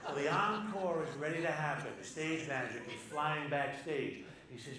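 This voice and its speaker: High-voiced man telling a story live. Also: moderate pace, few pauses. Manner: animated, punchy, builds to loud excited peaks. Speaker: storyteller on stage. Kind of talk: live comic anecdote to an audience. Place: live venue with audience laughter. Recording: echoey live hall with crowd noise.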